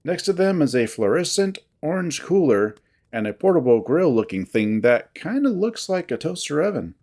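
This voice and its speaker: A narrator giving steady, descriptive first-person narration of a visual novel. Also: medium pitch, moderate pace.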